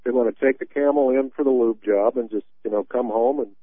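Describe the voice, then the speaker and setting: A man's voice: mid-range voice, fairly quick, no echo. A man hosting a political talk radio show, telling stories with a sarcastic, rambling manner. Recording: tinny dry phone-line sound.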